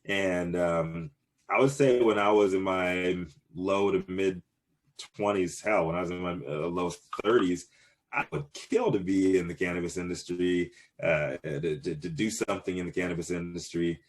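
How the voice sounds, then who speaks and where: A man's voice: deep voice, normal speed. A man in his thirties answering interview questions casually, rambling with many fillers and restarts. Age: 30s. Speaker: cannabis business owner, guest.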